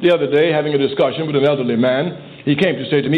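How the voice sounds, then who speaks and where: A man delivers a political speech with emphatic, rhetorical force, building his points through repetition. His voice sits fairly high for a man. The audio is narrow and tinny, like an old phone line. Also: very fast, few pauses. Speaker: political speaker. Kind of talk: oratorical speech.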